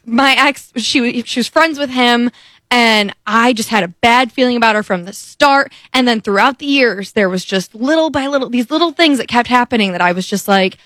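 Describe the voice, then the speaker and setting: A young woman talks casually on a podcast, telling candid stories and acting out what people said. Her voice sits a little high. The sound is dry and close. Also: normal speed, dry recording. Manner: candid, animated storytelling with acted quotes. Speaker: podcast co-host. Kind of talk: casual chat.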